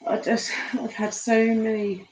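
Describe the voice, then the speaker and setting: A grieving, tearful woman chatting with viewers on a live stream from home, halting with many pauses and fillers, on a laptop mic. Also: on the high side, flat delivery, darkish tone, poor audio.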